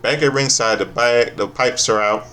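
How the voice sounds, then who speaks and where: A man's voice: mid-range voice, normal speed, sharp tone. A man giving a casual, profane, sarcastic recap of a wrestling show, often stopping and restarting his sentences.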